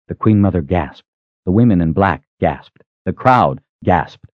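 A man narrating a fantasy audiobook in a dramatic, expressive style. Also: deep voice, normal speed, no echo, lo-fi sound. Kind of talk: scripted narration.

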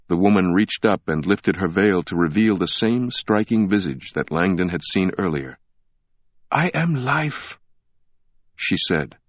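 A man with a very low voice narrates a thriller audiobook in a measured, even way. The recording is bone-dry with no room sound. The sound is dull and lo-fi. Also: no echo.

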